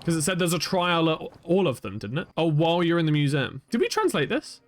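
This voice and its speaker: A man talks through a video game he is streaming, chatty and quick to joke at his own expense. His voice is fairly high for a man and swings widely in pitch, and faint game music plays under him. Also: no room sound. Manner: animated, chatty and self-mocking. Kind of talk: live gameplay commentary.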